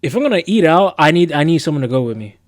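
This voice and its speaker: A man's voice: on the high side, big pitch swings, fast, no echo, clean studio sound. A young man on a live stream, chatting casually and rambling in a laid-back, slangy, self-mocking way as he reads quiz questions aloud.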